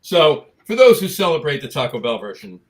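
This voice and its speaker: Male show host, quick and animated delivery, joking banter. Casual chat energy. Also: a little high. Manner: upbeat, jokey, banters with co-host. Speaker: podcast host.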